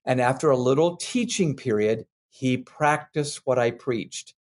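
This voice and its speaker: An older man, a parenting expert, telling earnest, animated anecdotes as a guest in a candid interview. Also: mid-range voice, measured pace.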